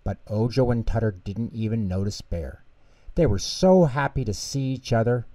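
A man reading a children's bedtime story aloud as storyteller, calm and lilting. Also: medium pitch, moderate pace, dry recording.

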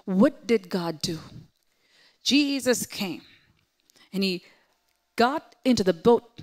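A woman pastor preaching a sermon, swinging between loud exclamations and hushed, whispered asides. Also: medium pitch, animated, slow, long pauses.

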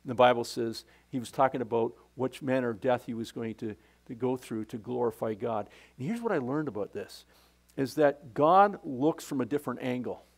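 A man preaching a sermon with passion, often restarting phrases and swinging from loud to hushed. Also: mid-range voice, animated, moderate pace, gravelly. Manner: impassioned, repetitive, with restarts and sudden swings in loudness. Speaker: pastor.

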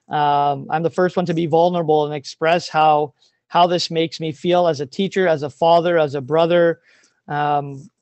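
A man's voice: fairly high pitch, darkish tone, no room sound. A man, a teacher giving an earnest, openly emotional presentation over a video call, with many ums.

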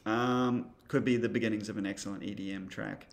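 A man's voice: lowish voice, steady tone, a little fast, gravelly. A man teaching creative coding in a casual screen-recorded tutorial, thinking aloud as he demonstrates, with a wry, dry humor.

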